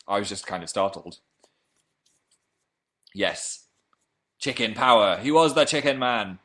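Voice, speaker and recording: On a livestream, a man chats casually at a measured pace while reading viewer comments. He rambles and cracks jokes, and when excited his pitch and volume suddenly leap.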